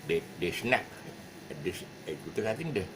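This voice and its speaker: A man's voice: low-pitched, very animated, normal speed, noisy background. A man with a Malaysian English accent, teaching guitar in a casual, rambling way with many fillers and restarts. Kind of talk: casual video lesson talk. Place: his music shop.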